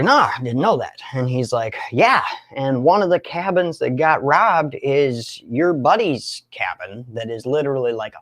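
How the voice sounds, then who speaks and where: A young man in recovery, telling his own story in an animated way, often laughing and acting out other voices. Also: mid-range voice. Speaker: recovery speaker. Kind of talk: storytelling talk.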